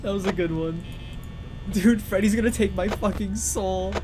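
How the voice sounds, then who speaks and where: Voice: medium pitch, moderate pace. A streamer playing a horror game live, panicking, swearing, giggling nervously and greeting chat between scares. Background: game music and sounds.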